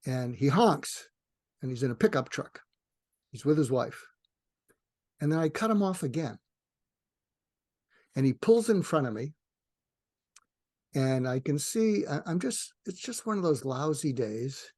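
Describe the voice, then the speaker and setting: A man's voice: big pitch swings, a little slow, pauses often, a little mellow, no room sound, studio quality. Older man telling stories with restarts. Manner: rambling with frequent restarts, acts out dialogue with rising pitch. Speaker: psychiatrist guest. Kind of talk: animated storytelling in a podcast interview.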